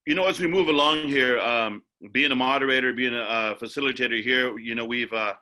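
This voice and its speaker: A man moderating a video-call webinar in a relaxed, rambling way, full of fillers and repeated words. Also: mid-range voice. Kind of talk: casual moderating with many fillers.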